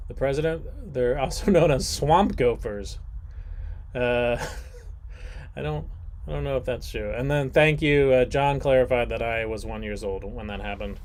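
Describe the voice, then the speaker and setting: A man in his forties hosting an online trivia game, joking and rambling between questions. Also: mid-range voice. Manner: jokey, rambling asides, animated.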